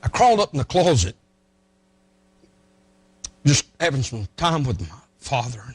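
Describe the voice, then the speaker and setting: Animated preacher telling a story. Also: male voice, medium pitch, measured pace, husky, no room sound. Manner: folksy, emotional, breaks into song. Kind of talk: storytelling sermon.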